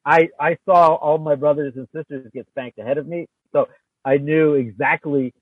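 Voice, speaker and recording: Man, husky voice, tinny phone line, dry. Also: a little high, fairly even intonation, dry recording. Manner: rambling, halting, self-interrupting. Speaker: podcast guest. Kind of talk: casual storytelling chat.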